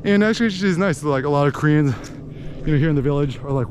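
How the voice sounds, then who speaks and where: An American man talking in a rambling, animated way as he vlogs outdoors in a village, with lots of fillers. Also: a little high, quick pace, background noise. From United States. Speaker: vlogger. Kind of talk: casual walking vlog monologue.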